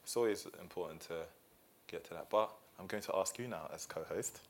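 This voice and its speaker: A man's voice: sits low, fairly quick. A young man, co-hosting a podcast and telling stories with lots of laughter and slang. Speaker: podcast co-host. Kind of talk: casual chat.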